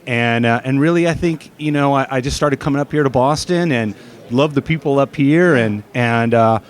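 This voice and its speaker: The guest, a middle-aged man who used to run steeplechase, speaks at a normal pace in a mid-range voice. He tells stories with frequent fillers and restarts during a casual interview recorded outdoors at an expo.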